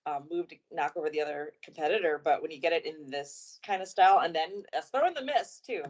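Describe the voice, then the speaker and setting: A woman's voice: low voice, a little fast, highs cut off. A woman co-hosting a casual wrestling podcast, agreeing and chiming in with enthusiasm. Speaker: podcast co-host. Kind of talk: casual wrestling recap chat.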